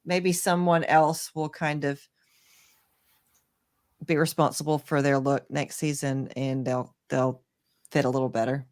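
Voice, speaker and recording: A woman's voice: low voice, flat delivery, unhurried, pauses often, a little mellow. A woman from Mississippi co-hosting a podcast, chatting casually with opinions and frequent restarts. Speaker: podcast co-host. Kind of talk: casual chat.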